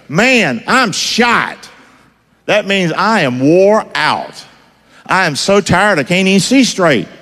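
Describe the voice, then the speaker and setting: A preacher with a fairly high voice swings it up and down as he drives his sermon. He keeps quizzing the congregation for call-and-response, folksy and emphatic. His voice rings out with a long reverb through a large hall. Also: fairly bright tone.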